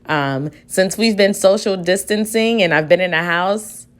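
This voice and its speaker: Slow, patient woman teaching a reading lesson. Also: medium pitch. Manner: slow, patient, models sounds aloud. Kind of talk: recorded reading lesson for children. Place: at home.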